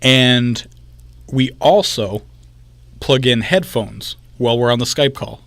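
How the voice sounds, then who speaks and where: A man's voice: medium pitch, slow, creaky, a bit bright, no room sound. Young man, radio co-host, casual chat, step-by-step explainer, dry booth. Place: small radio studio. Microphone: headphones and studio microphone.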